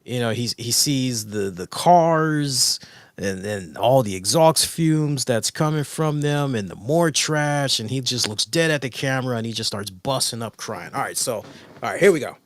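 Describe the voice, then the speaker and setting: A man co-hosting a podcast, telling stories in a rambling, excitable way with lots of fillers and swearing. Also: mid-range voice, normal speed, dry recording, studio quality. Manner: rambling, excitable, profane storytelling. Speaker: podcast co-host. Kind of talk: casual chat.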